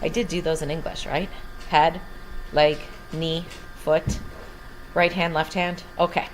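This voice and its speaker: A woman's voice: deep voice, flat delivery, a little slow, a little hiss or hum. A woman teaching a Spanish lesson from home, patiently explaining each word in English. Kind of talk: recorded language lesson.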